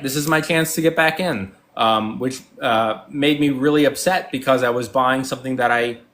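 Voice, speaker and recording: A man in his forties talks casually as a guest, and his voice sits right at an ordinary middle pitch. He rambles, circles back with fillers and restarts, and acts out both sides of past conversations as he tells his stories. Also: pushed and bright. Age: 40s. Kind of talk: casual chat.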